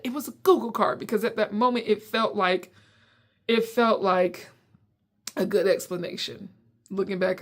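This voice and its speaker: A young adult woman from South Carolina telling a casual story on her own podcast, acting out quotes with big jumps in pitch. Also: creaky, a bit bright. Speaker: podcast host and comedian. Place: at home.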